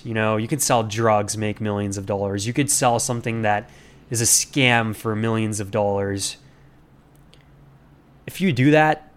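A man hosting a podcast, talking in an earnest, rambling way with many fillers and restarts as he reflects aloud. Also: fairly low pitch. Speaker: podcast host. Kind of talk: casual reflective monologue.

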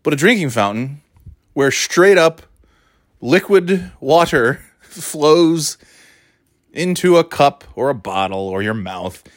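A man's voice: a little high, lively intonation, slow, pauses often, no room sound, studio quality. A man from New England in a rambling, self-mocking monologue, exasperated at times.

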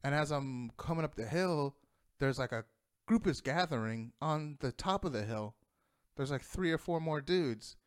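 Man, casual storyteller, profane and rambling, smooth tone. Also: fairly high pitch, expressive, moderate pace. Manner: profane, rambling, laughs often.

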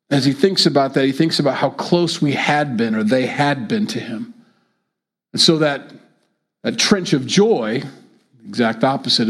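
A middle-aged pastor giving a sermon, praying and teaching in an easygoing, conversational way with frequent fillers. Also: male voice, mid-range voice.

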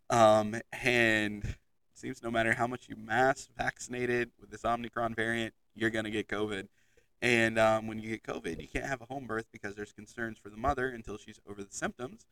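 A man's voice: mid-range voice, a bit bright, recorded from a distance, low-quality recording. A man hosting his own podcast in a casual monologue, chatty and full of ums, speaking into a headset mic. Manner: chatty, many ums and restarts. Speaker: podcast host and teacher. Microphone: headset microphone.

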